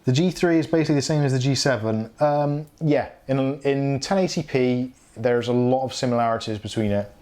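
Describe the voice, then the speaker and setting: A man's voice: medium pitch, fairly quick, few pauses, mellow. A middle-aged man hosting a casual live tech chat stream, reading viewer comments aloud and laughing often.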